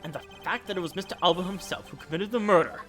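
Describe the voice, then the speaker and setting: Woman doing a formal, measured male prosecutor. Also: on the low side, a bit bright, soft background music, close to an everyday voice. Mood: deliberating. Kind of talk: voicing a game character in a let's play.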